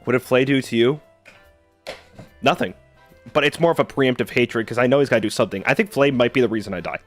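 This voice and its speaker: A man's voice: mid-range voice, quick pace, soft background music. A man streaming live, chatting casually with viewers in a sarcastic, argumentative way.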